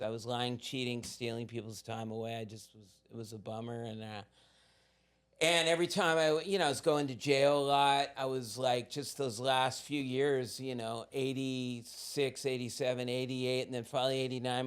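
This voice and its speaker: A Southern California man in his sixties, appearing as a podcast guest, tells candid, laid-back stories and acts out the voices of the people in them. His voice is mid-range, clear and resonant.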